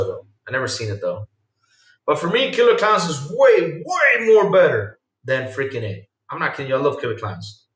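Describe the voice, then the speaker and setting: A male podcast host chatting casually on a livestream and reacting to viewer comments, excitable and rambling, swinging between low mumbles and loud outbursts. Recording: roomy sound from a distant mic.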